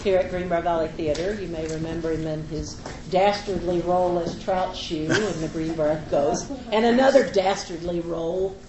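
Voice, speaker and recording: A woman hosting a theater event, chatty and quick to laugh, introducing the next reader. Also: lowish voice, background noise. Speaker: event host. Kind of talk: introducing a speaker. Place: theater with live audience. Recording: echoey room with crowd.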